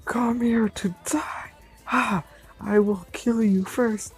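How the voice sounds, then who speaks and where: Guy doing a screechy angry masked killer in a homemade story, yelling high. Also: drawn-out words, slightly rough, soft background music, heavily acted. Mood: furious. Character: masked male killer villain, shrill and furious.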